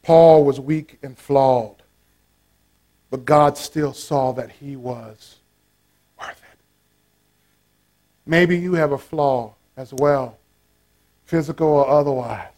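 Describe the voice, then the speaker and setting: A man preaching a sermon with passion, repeating key lines and swinging between shouts and hushed tones. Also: a little high, takes it slowly, long pauses.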